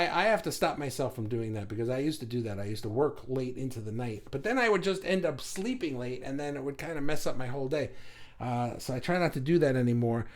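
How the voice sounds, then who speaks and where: A man hosting a casual spiritual livestream, answering viewers' chat in a reflective, thinking-aloud way. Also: mid-range voice. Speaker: host answering live chat.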